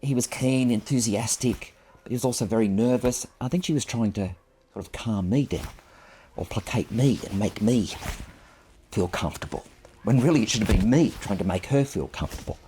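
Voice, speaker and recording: A man's voice: fairly low pitch, moderate pace, dark tone, a little hiss or hum. A man in his fifties, a photographer, tells a personal story in an earnest, reflective and self-deprecating way, speaking into a clip-on microphone.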